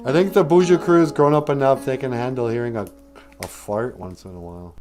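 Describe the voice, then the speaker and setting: A man's voice: medium pitch, fairly quick. A man hosting a casual live stream from home, joking and teaching words of a language, with faint guitar music behind. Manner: joking, self-mocking banter. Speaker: podcast host teaching Ojibwe words.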